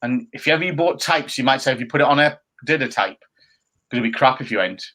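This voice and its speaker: A man's voice: medium pitch, animated, fast talker, bright, forceful tone. A man co-hosting a casual chat show, bantering and teasing his co-host while reading viewer comments. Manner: jokey banter, playful mocking impressions.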